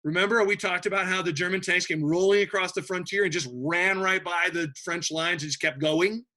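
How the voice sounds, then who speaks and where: In a relaxed classroom, a lively man teaches history, cracking jokes and frequently starting his sentences over. His voice is bright and pitched high for a male. Quick asides keep the class with him.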